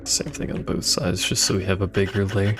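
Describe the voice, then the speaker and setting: A man's voice: sits low, level tone, fairly quick, a bit bright, faint music behind. A man streaming a video game, chatting casually with rambling, playful asides. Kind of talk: casual gameplay commentary.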